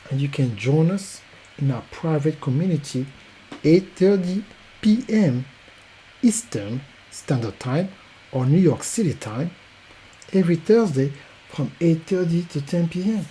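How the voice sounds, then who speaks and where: A man with a French accent giving an emphatic, repetitive promotional pitch as a podcast coach. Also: animated, a little slow, pauses often, mellow, a little hiss or hum, poor audio.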